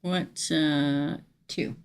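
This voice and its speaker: A woman's voice: deep voice, steady tone, extremely slow, vocal fry, smooth. A middle-aged woman hosting a live-streamed tarot reading, chatty and emphatic, often checking in with her viewers. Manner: chatty and emphatic, frequent "okay?" asides.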